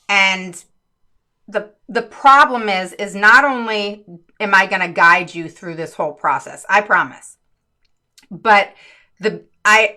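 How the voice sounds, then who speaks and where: A woman hosting a casual live stream as a parent advocate, earnest and chatty, with many fillers and quick hellos to viewers by name. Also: medium pitch, sharp tone. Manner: chatty, greets viewers by name mid-sentence. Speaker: special education advocate and live-stream host.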